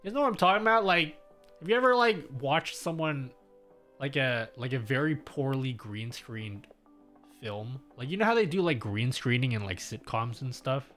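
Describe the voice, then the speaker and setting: A man's voice: mid-range voice, expressive, moderate pace, a bit bright. A young Australian man hosting a casual livestream, rambling to his viewers with lots of fillers and restarts. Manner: rambling, self-interrupting with many fillers. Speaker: livestream host. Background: faint music.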